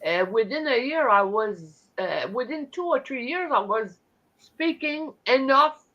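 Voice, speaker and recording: Bright French Canadian woman chatting. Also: sits high, expressive, dull audio. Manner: chatty, halting with restarts, talks with her hands. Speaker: host. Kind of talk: casual live-stream chat.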